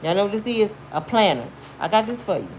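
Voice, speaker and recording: A woman's voice: mid-range voice, very animated, fast, slight background noise. A woman in her fifties giving blunt, emphatic, sermon-like motivational commentary on her YouTube channel.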